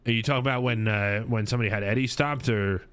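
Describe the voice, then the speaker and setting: A man's voice: on the low side, steady tone, fast talker, fairly bright tone, clear, resonant tone, dry recording. A man in his thirties hosting a casual recap chat about his stream, rambling with lots of fillers and restarts. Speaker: streamer and podcast host.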